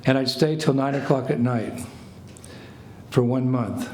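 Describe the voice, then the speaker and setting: An older American man, a spiritual teacher, telling a lively story to a small group. He laughs and acts out phrases as he goes. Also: medium pitch, unhurried. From United States. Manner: animated anecdotes, laughs, acts out French phrases. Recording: echoey room with faint ambient noise.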